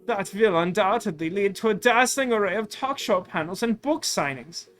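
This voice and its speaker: A man's voice: sits high, lively intonation, normal speed, a bit bright, faint music behind. A man voicing a grandiose male German tourist with a put-on German accent. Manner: pompous daydreaming monologue.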